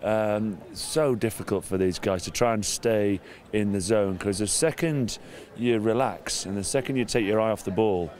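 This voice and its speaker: A middle-aged English man, a former rugby player, chatting in an outdoor interview, self-mocking and growing animated. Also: on the low side, normal speed. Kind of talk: casual interview chat. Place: outdoors at a sports venue.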